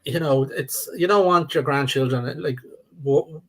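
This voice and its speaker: A man's voice: medium pitch, moderate pace, fairly bright tone. An older Irish man talking in a rambling, repetitive way as a guest on a live-stream chat. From Ireland. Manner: rambling, repeats words, trails off.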